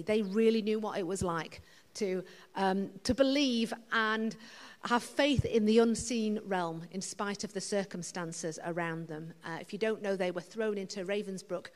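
A British woman preaching a sermon in church, earnest and conversational with frequent fillers. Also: on the low side. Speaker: guest preacher. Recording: long church reverb.

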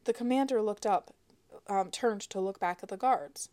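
A woman, the author, narrating her space adventure novel aloud in a wry, expressive way. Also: mid-range voice, moderate pace. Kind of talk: audiobook narration.

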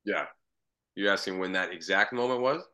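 Guest spot: Canadian man, lowish bright voice, loose rambling talk. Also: moderate pace. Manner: easygoing, rambling, with frequent restarts. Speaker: guest comedian and voice actor. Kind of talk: casual interview chat.

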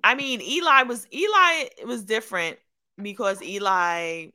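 A young woman co-hosting a casual sports talk show, animated and laughing, often trailing off mid-thought. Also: on the high side, unhurried. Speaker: sports podcast co-host. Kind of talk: casual sports debate chat.

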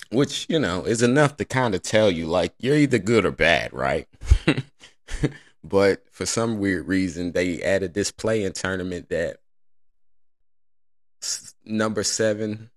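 A man's voice: low-pitched, fairly bright tone, no room sound. A man in a casual, joking solo monologue who laughs at his own jokes and acts out other people's lines.

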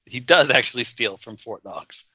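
Man, bright forceful voice, wry podcast chat, dry dull recording. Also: mid-range voice, animated, normal speed, breathy edge, dry recording. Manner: wry, acts out quoted lines. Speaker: podcast co-host. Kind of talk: casual film discussion.

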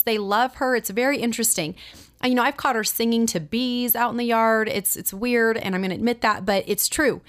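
Animated woman telling a sermon story. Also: fairly high pitch. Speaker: Bible teacher.

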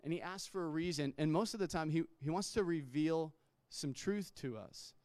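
A man's voice: a little high, normal speed, a little mellow, dry recording. A man preaching a sermon in a conversational way, restarting words and acting out quotes. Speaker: pastor.

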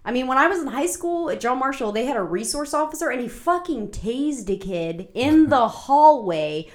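A woman's voice: high-pitched, expressive, moderate pace, reverberant. Frank woman in casual chat.

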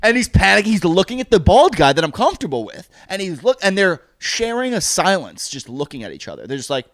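A man telling a story with a lot of swearing, his pitch jumping high and low as he gets into it. His voice sits a bit high for a man. The recording is dry and close. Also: quick pace, dry recording. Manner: profane, animated, laughs while telling. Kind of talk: casual chat, telling a funny anecdote.

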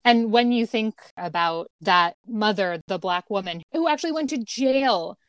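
A woman in a casual film discussion, making steady analytical points and often ending them with "right?". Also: medium pitch, moderate pace, smooth, dry recording.

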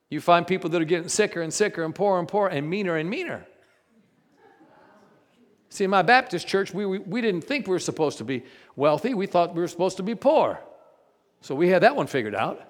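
A man preaching a sermon, animated and joking with the congregation, in a large church. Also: high-pitched, a little fast. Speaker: pastor. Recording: long reverb in a large church.

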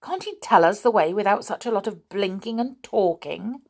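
A woman's voice: mid-range voice, expressive, normal speed, gravelly, darkish tone. A woman voicing a polite but impatient young boy in a children's story. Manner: polite, then impatient and grumbling.

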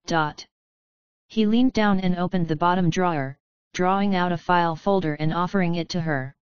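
Smooth-voiced woman reading a story. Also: on the low side, normal speed, no echo. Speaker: audiobook narrator. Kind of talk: scripted narration of a fan story. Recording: dry, slightly dull lo-fi recording.

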